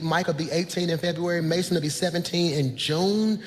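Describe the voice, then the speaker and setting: A man preaches to his congregation, his voice ringing in a long hall reverb over faint music. He moves from soft, close talk to shouts, his pitch sitting a little high for a man. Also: steady tone, fairly quick. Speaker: pastor. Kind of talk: sermon. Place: church sanctuary.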